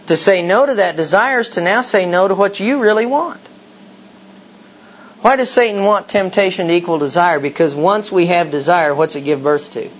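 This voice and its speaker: A man preaching a sermon, emphatic and full of rhetorical questions. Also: sits high. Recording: slightly dull recording with faint hiss.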